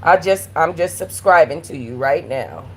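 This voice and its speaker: A woman hosting a live stream from her apartment, telling animated, slangy stories with blunt cursing. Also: low voice, moderate pace, slight background noise, rough recording. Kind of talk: casual live-stream chat. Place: at home in an apartment.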